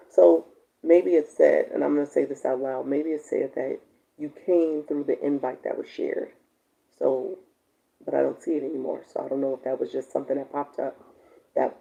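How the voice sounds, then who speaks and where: Woman live-stream coach with a low, very dark, gravelly voice; chatty, laughs a lot, reads viewer comments aloud; dull lo-fi audio.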